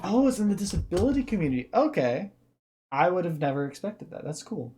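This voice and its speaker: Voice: medium pitch, sing-song, brisk, dark tone, husky. A streamer giving casual reaction commentary, thinking aloud and explaining ideas at length.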